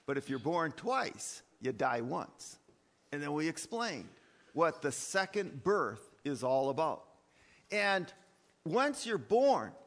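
A man's voice: on the high side, fairly bright tone. A male pastor preaching a sermon, emphatic, with rhetorical questions and repeated words, in a church. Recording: long hall reverb.

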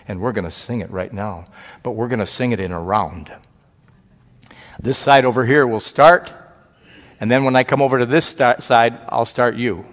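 An older man preaching a sermon as pastor, earnest and drawn-out, often dropping to a hushed tone. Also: mid-range voice. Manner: slow, drawn-out delivery that sinks to a hushed, earnest tone. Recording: long echo of a large hall.

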